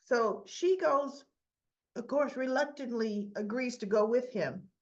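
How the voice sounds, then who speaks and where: A woman casually recapping a soap opera episode, retelling the scenes in a chatty, animated way and slipping into quick character voices. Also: fairly high pitch. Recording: slightly muffled lo-fi audio.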